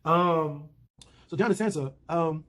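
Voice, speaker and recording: A man's voice: a little high, slow, a bit bright. A man giving a slangy, rambling casual recap of a TV episode from home. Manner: slangy, rambling retelling with fillers.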